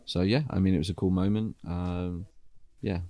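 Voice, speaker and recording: A man's voice: deep voice, fairly even intonation, moderate pace, dark tone. A male drummer answering interview questions in a laid-back, hesitant way with many fillers. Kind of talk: casual interview chat.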